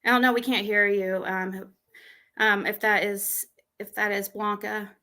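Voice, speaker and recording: A woman's voice: medium pitch, level tone, a little slow, pushed and bright, rough recording. A woman with a cold hosting a casual livestream chat, rambling and exasperated, full of fillers and restarts. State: has a cold. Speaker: livestream host.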